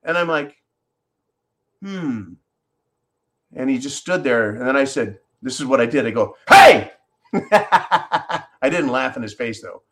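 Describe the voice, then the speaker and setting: A man's voice: mid-range voice, animated, takes it slowly, pauses often, a bit bright. A man hosting a podcast, talking in a blunt, profane, riled-up way as he tells a personal story to his listeners. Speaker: podcast host. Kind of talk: casual monologue and storytelling.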